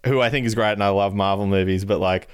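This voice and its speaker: Guest: man, low smooth voice, dry close sound, loose rambling answers. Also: fairly even intonation, quick pace, no echo. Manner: rambling, laughs between answers. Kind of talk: casual podcast chat.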